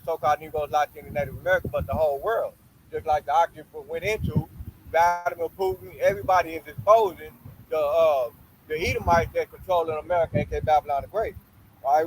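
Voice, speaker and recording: A man walks through Bible verses, reading them slowly with weight and then explaining them plainly. His voice sits a little high. Faint background noise is heard. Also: low-quality recording. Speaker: bible study teacher. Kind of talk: scripture reading and commentary.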